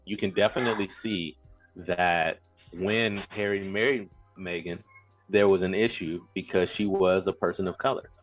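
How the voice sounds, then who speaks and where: A podcast co-host chats casually and animatedly, often stammering and restarting his sentences. His voice sits low at a moderate pace, with soft music playing in the background.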